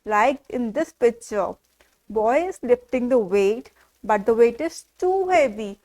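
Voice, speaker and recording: A woman teaches a class of small children. Her voice sits high, and she speaks slowly, repeating each word in a sing-song rhythm and stopping often to ask questions. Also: expressive, a little mellow. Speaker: preschool teacher.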